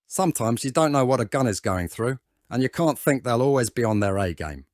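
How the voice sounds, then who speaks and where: A man voicing a proud, self-pitying sniper rifle in a lower, measured voice. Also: lively intonation, darkish tone, no room sound, clean studio sound, natural voice. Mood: haughty.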